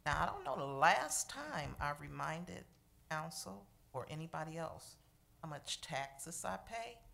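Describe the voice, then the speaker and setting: A woman with a very low, gravelly voice delivers a firm, insistent complaint. She speaks at public comment in a council meeting. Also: sing-song, unhurried, fairly bright tone.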